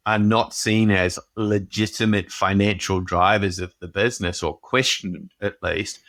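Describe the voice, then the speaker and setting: A man co-hosting a casual business podcast, talking in animated runs that often restart mid-sentence. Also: fairly low pitch, vocal fry, dry recording. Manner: animated, self-interrupting storyteller. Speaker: podcast co-host. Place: home office on a video call.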